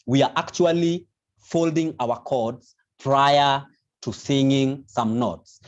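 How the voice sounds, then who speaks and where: This man's voice sits mid-range and moves at a slow pace. He's teaching a vocal lesson online, patiently explaining with plenty of restarts, and the video call audio is dull and lo-fi.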